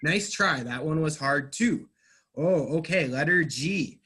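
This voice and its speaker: A man teaching an English class, explaining words patiently and clearly and praising his students. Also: on the high side, lively intonation, takes it slowly, pushed and bright, slight background noise. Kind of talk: online class recap.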